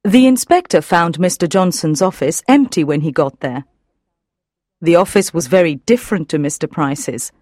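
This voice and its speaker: A woman narrating an audiobook in a measured, even reading. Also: on the low side, dry recording, clean studio sound.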